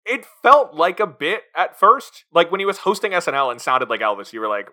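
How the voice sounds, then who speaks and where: Bright, animated man reviewing a film. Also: a little high, brisk, few pauses. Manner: animated, quotes scenes in put-on voices. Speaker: podcast co-host. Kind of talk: casual film review chat.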